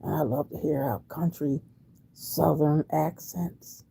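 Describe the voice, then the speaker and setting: This sixty-something livestream host from Wilmington, Delaware, reads viewer comments and chats back folksily. She sounds low-pitched, husky and dark, with vocal fry and a measured pace.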